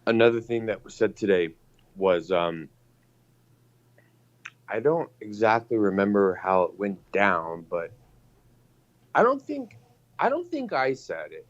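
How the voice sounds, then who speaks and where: A man in casual chat, telling stories in a profane, animated way. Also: lowish voice, measured pace, long pauses, lo-fi sound.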